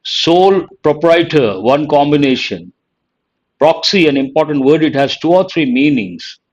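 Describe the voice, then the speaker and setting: Male teacher, slightly high voice, very slow and deliberate, dull lo-fi stream audio. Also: expressive. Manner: slow, deliberate, reading out words one at a time. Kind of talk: live online vocabulary lesson.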